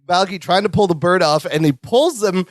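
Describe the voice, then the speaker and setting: A man's voice: high-pitched, normal speed, no echo, clean studio sound. A man co-hosting a podcast, animatedly retelling a sitcom episode in casual chat and laughing often. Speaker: podcast co-host.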